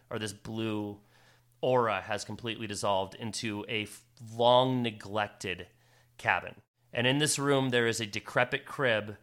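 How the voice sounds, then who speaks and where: A man's voice: fairly low pitch, fairly bright tone. A man narrating a tabletop fantasy game as game master, dramatic with some fillers. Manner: dramatic, with fillers and slow emphatic phrases.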